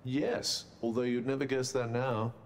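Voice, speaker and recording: A sarcastic enchanted bracelet, voiced by a man, trades dry jabs in a fantasy game. His mid-pitched voice trails off into a long, hall-like reverb. Faint ambient sound sits underneath. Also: flat delivery, unhurried, a little hiss or hum, natural voice. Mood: wry. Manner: dry, snarky.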